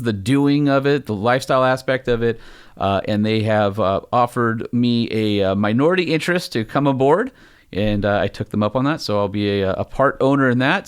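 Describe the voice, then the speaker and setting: Upbeat guy rambling on a podcast, lots of uhs, mid-pitched voice, conference room mic. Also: smooth. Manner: upbeat, chatty, rambling with many fillers. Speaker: podcast co-host. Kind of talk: casual podcast chat.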